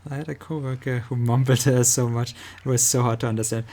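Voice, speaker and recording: A man with a strong German accent, speaking English as a second language, chats casually while he plays a game. His voice is gravelly and mellow, and he pauses often, feeling around for the right words. The delivery is easygoing and unhurried. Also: medium pitch, flat delivery. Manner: halting, searching for words. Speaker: streamer. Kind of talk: casual chat while gaming.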